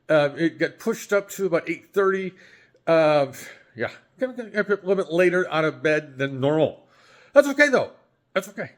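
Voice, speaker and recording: A man's voice: a little high, expressive, normal speed. A man hosting a daily home cooking vlog, chatting casually and rambling a little, often correcting himself and chuckling at his own slips. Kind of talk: casual chat.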